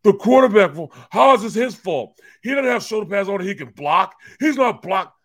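A man voicing an angry male coworker who yells indignantly. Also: sits high, expressive, normal speed, voice pushed up. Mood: indignant yelling. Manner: indignant, shouting. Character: angry man yelling about a rookie.

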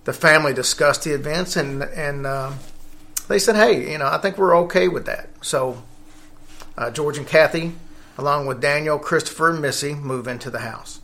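Bright-voiced man hosting a podcast. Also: fairly high pitch, moderate pace. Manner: rambling, with fillers and self-corrections. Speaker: podcast host. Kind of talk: casual podcast chat.

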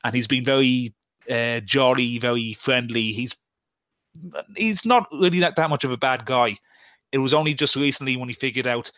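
A man's voice: mid-range voice, steady tone, moderate pace, fairly bright tone, no room sound. Hesitant man chatting, dry sound. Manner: hesitant, many fillers and restarts. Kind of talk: casual podcast chat about wrestling.

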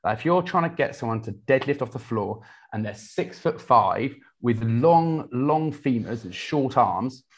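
Energetic man, coach talk. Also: medium pitch, unhurried, few pauses. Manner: energetic, many restarts, quotes clients in lively voices. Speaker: personal trainer and coach. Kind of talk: casual interview talk.

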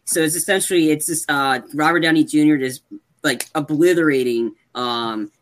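A man co-hosting a casual podcast, retelling movie scenes in a rambling, animated way with lots of fillers. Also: fairly high pitch, moderate pace. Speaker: podcast co-host. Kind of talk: casual chat.

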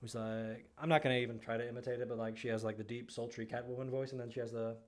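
A man's voice: medium pitch, steady tone, quick pace. Rambling male podcast co-host. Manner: rambling with many fillers. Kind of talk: casual chat.

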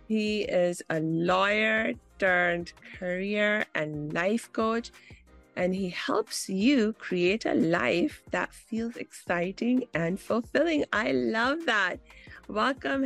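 A woman's voice: a little high, drawn-out words, vocal fry, faint music behind. A woman hosting a podcast, enthusiastic as she welcomes and interviews her guest. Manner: enthusiastic, warm greetings. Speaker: podcast host.

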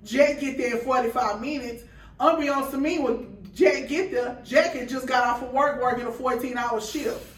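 Animated woman telling a story, roomy sound. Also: high-pitched, normal speed, recorded from a distance. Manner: animated, acts out dialogue in quoted voices. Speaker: guest, food truck owner. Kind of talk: storytelling in casual chat.

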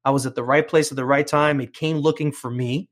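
A man's voice: medium pitch, steady tone, fairly quick. A middle-aged man with a New York accent, telling his career story as an interview guest, earnest and prone to repeating words as he starts a thought. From New York, United States. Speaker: TV presenter and film critic as interview guest.

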